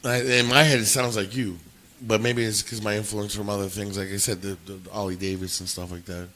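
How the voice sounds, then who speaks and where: A man co-hosting a casual podcast, brash, laughing loudly and swearing freely as he chats. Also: on the low side, level tone, brisk, a little hiss or hum. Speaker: podcast co-host. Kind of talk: casual profane chat.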